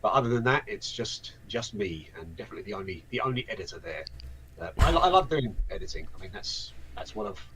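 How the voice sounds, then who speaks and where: A man's voice: fairly low pitch, sing-song, quick pace, noisy background. A man in his forties with an Essex accent, talking casually as an interview guest, rambling with lots of restarts and self-deprecating asides. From southeast England. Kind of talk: casual live-stream chat.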